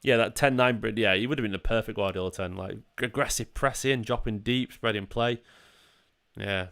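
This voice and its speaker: A man's voice: on the low side, normal speed, gravelly, a bit bright. A man in his thirties hosting a live football watchalong, chatting casually, reacting to the match and answering chat messages while tired and yawning. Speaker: fan channel host.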